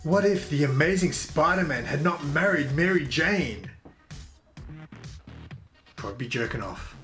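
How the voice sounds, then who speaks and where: A man's voice: fairly high pitch, a bit bright. Brash, swearing Australian man ranting. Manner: brash, profane, mock-aggressive. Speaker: comedy show host. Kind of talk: crude comedic rant.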